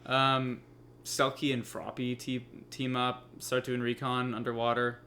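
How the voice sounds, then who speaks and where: A man's voice: mid-range voice, monotone, unhurried, sharp tone, slight background noise. A man co-hosting a casual anime discussion podcast, laid-back and loose, cursing now and then and filling his talk with "like" and "you know". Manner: laid-back, swears casually, lots of fillers. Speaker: podcast co-host. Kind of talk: casual chat.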